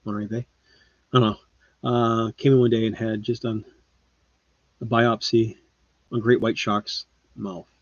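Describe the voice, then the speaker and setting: A man hosting a live stream, chatting casually with viewers and rambling, his voice often trailing off quietly. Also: on the low side, flat delivery, unhurried, long pauses, no echo. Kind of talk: casual chat. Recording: slightly muffled lo-fi sound.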